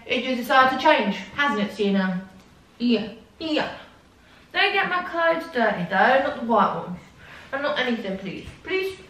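A woman's voice: sits high, fairly bright tone. A woman vlogging casually to a camera in her bedroom, chatty and rambling, sometimes turning to talk to her dogs. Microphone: camera set up in the room.

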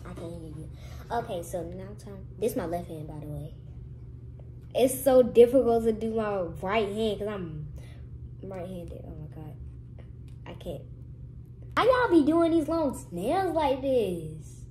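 A young woman chatting casually to camera in a vlog, lively and sometimes dropping to hushed whispers. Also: medium pitch, a little slow, pauses often, slight background noise, low-quality recording. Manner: lively, switches to hushed whispers when nervous. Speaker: vlogger.

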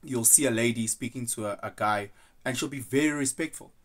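A man's voice: medium pitch, fairly quick. A young man talking through his thoughts in a casual, rambling monologue, earnest and loose, slipping into quoted voices now and then. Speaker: vlogger.

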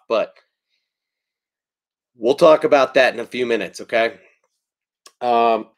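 A man hosting a live-stream fishing video, talking in a relaxed, rambling way with frequent ums while he answers viewers' chat. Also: mid-range voice. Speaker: fishing channel host. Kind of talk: casual live-stream product talk.

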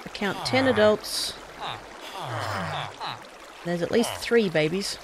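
A let's-play gamer with a medium-pitched voice gives slow, chatty commentary on her own gameplay, talking to herself and bursting into excited shouting. A crowd can be heard in the background.

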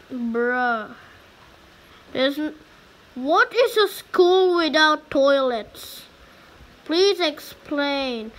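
Woman gamer, high bright voice, slangy running commentary. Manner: chatty, exclaiming, slangy. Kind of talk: casual let's-play commentary.

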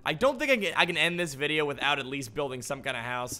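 A man giving casual gameplay commentary as a gaming host. He is playful and jokey, chats to the animals in the game, and sounds slightly hoarse. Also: on the high side, very animated, quick pace, few pauses, sharp tone, faint music behind.

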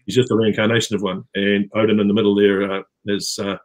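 A man's voice: fairly low pitch, little pitch movement, quick pace. A middle-aged man with a New Zealand accent, talking casually on a video call with many fillers and restarts. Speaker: actor guest. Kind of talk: casual interview chat.

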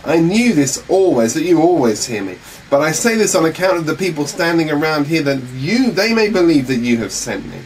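A man's voice: high voice, sing-song, takes it slowly, pitched above the performer's own voice, heavily acted, poor audio. A man voicing an exasperated yet tender rabbi who pleads and exclaims in a raised, earnest voice. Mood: prayerful. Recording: faint hum, mic set back.

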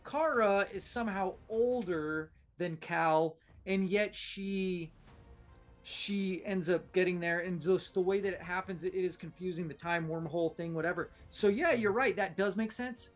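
Animated man arguing about superhero films. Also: high-pitched, a little slow, faint music behind. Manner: animated, rambling, restarts a lot. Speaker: podcast co-host. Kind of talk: casual pop-culture debate.

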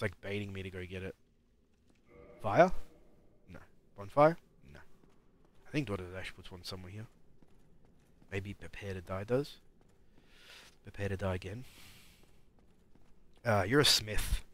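A man's voice: sits low, a bit bright. Mumbling man streaming a game. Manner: mumbling, rambling, talks back at enemies. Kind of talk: live gameplay commentary.

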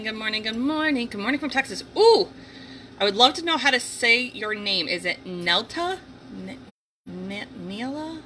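Woman, middle-aged, from the Northeast US; rambling livestream host, crisp bright voice. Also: fairly high pitch, a little hiss or hum, low-quality recording. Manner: chatty, rambling, greets viewers by name. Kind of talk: casual livestream chat. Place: home, near a heater and dogs.

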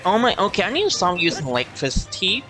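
A man giving casual gameplay commentary in a let's play, animated and playfully complaining. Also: high voice, fast talker, faint music behind.

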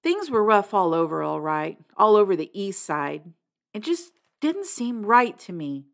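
A woman reading a novel aloud in an expressive audiobook style. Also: mid-range voice, a little slow, creaky. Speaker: reader.

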